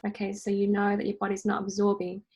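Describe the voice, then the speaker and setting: A woman's voice: medium pitch, completely flat delivery, fast, a little mellow, husky, poor audio. A woman hosting an online wellness workshop in a casual, chatty way, often checking in with her listeners with "okay?" and "right?". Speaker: energy healing workshop host. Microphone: online workshop recording.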